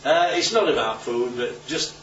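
A man's voice: mid-range voice, animated, normal speed, fairly bright tone, a little hiss or hum. A male preacher giving an informal Bible talk, conversational and often checking in with his listeners. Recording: roomy, distant, dull recording.

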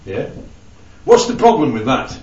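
A man with a mid-range, darkish, sing-song voice leads an informal Bible study with a small group, speaking a little slowly. He talks conversationally, often checking in with "right?" and "yeah?". The recording is roomy, distant, dull and lo-fi.

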